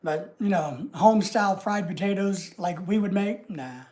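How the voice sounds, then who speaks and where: A woman with a Southern US accent chats on her own livestream in a loose, rambling way. Her talk wanders from one aside to the next, homey and relaxed. Her voice sits at an ordinary middle pitch. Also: moderate pace. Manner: rambling and homey, chatting easily with frequent asides. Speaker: livestream host. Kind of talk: casual livestream chat with viewers.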